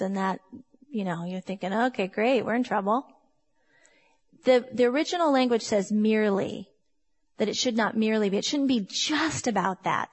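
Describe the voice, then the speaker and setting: A woman in her fifties gives an emphatic, conversational Bible teaching. Her voice sits a little high, and she keeps turning to her listeners with questions. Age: 50s. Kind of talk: sermon teaching.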